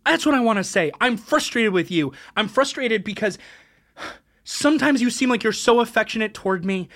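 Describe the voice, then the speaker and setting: A woman playfully improvising a comedy scene on a podcast. Her voice is fairly high and swings widely in pitch. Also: expressive, moderate pace, a bit bright. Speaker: podcast co-host.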